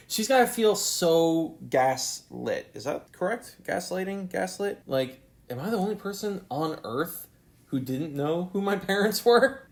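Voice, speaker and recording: A man giving a casual solo TV review, rambling and sarcastic, second-guessing himself and slipping into mocking character voices. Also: fairly high pitch. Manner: rambling, sarcastic, self-questioning; mimics characters in quick put-on voices.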